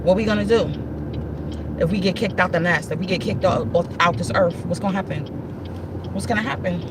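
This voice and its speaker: A woman's voice: lowish voice, fairly quick, background noise. Emphatic woman talking to her viewers. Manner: emphatic, repetitive, addresses viewers directly. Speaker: livestream host. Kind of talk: casual spiritual livestream talk.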